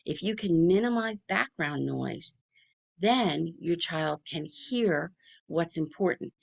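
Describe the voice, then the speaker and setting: A middle-aged woman, a speech pathologist chatting fast and informally as she gives advice to parents. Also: on the low side, lively intonation, vocal fry. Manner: chatty, talks fast with few pauses. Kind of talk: informal presentation to families.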